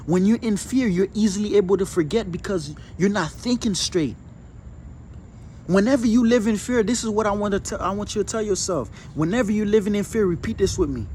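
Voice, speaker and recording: Man, high voice, emphatic preachy spiritual talk, faint outdoor hiss. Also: a little mellow. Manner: chanting affirmations. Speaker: spiritual speaker. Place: outdoors on grass.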